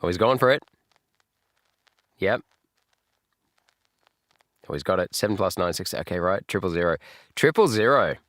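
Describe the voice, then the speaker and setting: An Australian man hosting a live reaction stream, jokey and laughing often. His lowish voice swings widely in pitch, and the sound is dry and close. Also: animated, normal speed, pauses often, fairly bright tone, dry recording.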